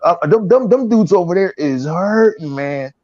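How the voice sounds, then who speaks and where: A man hosting a podcast, ranting profanely and mocking others in an animated way. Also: high-pitched, moderate pace. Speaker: podcast host. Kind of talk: casual chat. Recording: dry, dull lo-fi sound.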